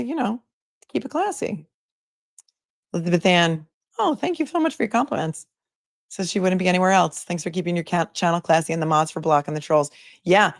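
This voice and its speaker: A woman hosts a live commentary stream in a relaxed, joking way, reading out messages from her chat as she goes. Her voice sits on the low side, and the recording is dry and close with no room sound. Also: dry recording. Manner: chatty, jokey, reads chat messages aloud.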